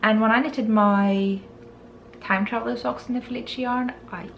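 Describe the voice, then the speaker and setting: Gravelly woman, giggly. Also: fairly high pitch, fairly even intonation, normal speed, highs cut off, slight background noise. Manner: giggly, self-deprecating, stumbles over English words. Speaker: podcast guest. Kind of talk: casual chat, showing a yarn haul.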